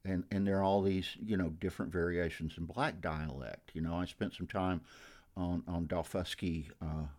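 A man's voice: deep voice, steady tone, moderate pace, darkish tone. A middle-aged man from the North Georgia mountains with a Southern Appalachian accent, chatting as a radio guest and rambling with many restarts. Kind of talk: casual interview.

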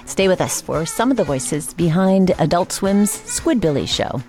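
A woman hosting a radio show, delivering scripted lines smoothly and measured. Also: lowish voice, expressive, a little mellow, faint music behind. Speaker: radio host.

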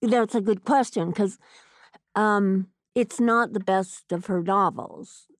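A woman's voice: medium pitch, takes it slowly, no room sound, clean studio sound. A woman author answering interview questions in a thoughtful, hesitant way with many fillers.

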